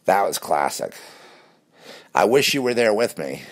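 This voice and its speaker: A man talking in a rambling, animated casual monologue with many restarts. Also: fairly low pitch, measured pace.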